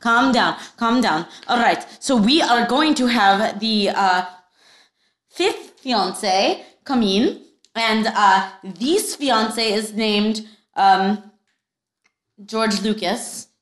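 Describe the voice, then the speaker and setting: A woman's voice: mid-range voice, drawn-out words, roomy sound. A woman hosting a comedy podcast, playfully improvising as a bachelorette and laughing often. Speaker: podcast host playing a bachelorette.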